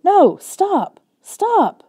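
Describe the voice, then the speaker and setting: A woman voicing a mischievous boy who shouts in panic after his runaway dog. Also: very high voice, wildly swooping pitch, drawn-out words, voice pushed up, exaggerated voice. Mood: panicked.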